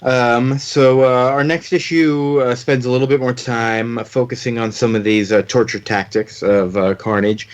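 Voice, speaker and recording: A man's voice: medium pitch, normal speed, few pauses, clean tone, lo-fi sound. Laid-back man recapping a comic. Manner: relaxed recapping, many fillers, mock-dramatic retellings. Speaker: podcast co-host. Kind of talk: casual comics discussion.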